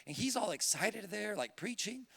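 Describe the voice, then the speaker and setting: Young male pastor, high bright voice, animated storytelling sermon, long hall reverb. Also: normal speed, vocal fry, husky. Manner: animated storyteller, builds to emphatic preaching.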